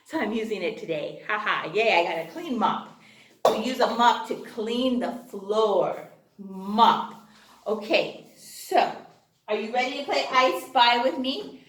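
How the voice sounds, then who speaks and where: Animated sing-song woman teacher. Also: fairly high pitch, reverberant. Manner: slow, sing-song and animated, with gasps and sound effects. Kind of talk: phonics lesson for young children.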